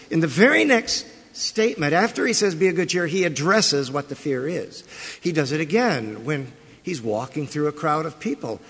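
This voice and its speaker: Pastor, male, husky voice, fairly high pitch, lively sermon delivery in a church with long reverb. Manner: animated, conversational preaching with rhetorical questions. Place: church sanctuary.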